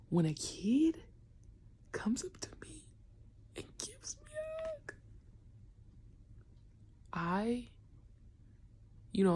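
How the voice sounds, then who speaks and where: In a vlog, a young female basketball coach talks casually with lots of slang, often half-whispering. Her voice sits fairly low, and there's a little hiss or hum. She's animated and does kids' voices.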